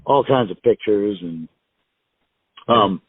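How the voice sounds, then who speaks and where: A man's voice: on the low side, takes it slowly, slightly rough, dry recording. A middle-aged man, a guest on an interview show, telling stories in a casual, rambling way with emphatic swearing. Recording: dry, tinny phone line.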